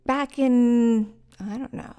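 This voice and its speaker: A woman's voice: a little high, steady tone, slow, dark tone, clean tone. A middle-aged woman hosting a vlog, chatting at home in a giggly, rambling, self-mocking way. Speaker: vlog host. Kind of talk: casual rambling monologue to camera. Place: sitting on the floor at home. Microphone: mic set up by her partner.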